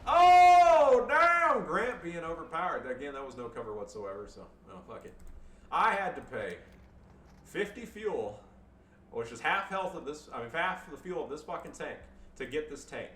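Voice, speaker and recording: A man giving casual, profane, excitable commentary over his own strategy game match, joking and swearing between calls. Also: mid-range voice, moderate pace, echoey room, far from the mic, a little hiss or hum. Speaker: gameplay commentator.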